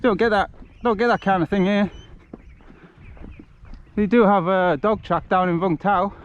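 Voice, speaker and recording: A man's voice: high voice, steady tone, a little slow. A British man live-streaming as he walks through countryside on a charity walk. He chats loosely with viewers and is slightly out of breath. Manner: chatty, rambling, addresses viewers by name. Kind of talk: casual live-stream chat while walking. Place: outdoors on a country path among rice fields. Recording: dull lo-fi phone audio with outdoor noise.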